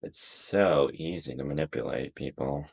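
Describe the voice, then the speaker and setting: A sly hooded male schemer from a storybook-style tale, smug and manipulative, as a man puts him on. The voice sits extremely low. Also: moderate pace, gravelly, slightly rough, exaggerated voice. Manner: smug, manipulative, soft chuckling tone.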